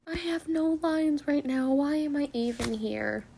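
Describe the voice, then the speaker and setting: A sensible young friend who follows the rules and answers in a dry, matter-of-fact way, as a woman puts the part on. The tone is warm and mellow. This is an amateur audio role-play. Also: high voice, unhurried, creaky, slight background noise, pitched above the performer's own voice.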